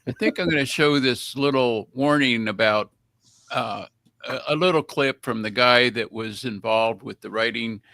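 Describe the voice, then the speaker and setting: A man's voice: mid-range voice, normal speed, bright, forceful tone, no room sound. A man on a talk show who runs the clips, talking casually with hesitant restarts. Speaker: show producer running clips.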